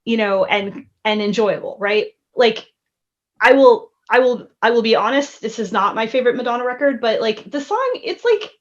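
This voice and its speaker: A woman's voice: on the high side, expressive, moderate pace. Rambling woman on a dull, lo-fi line. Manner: rambling, many fillers. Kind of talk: casual album discussion.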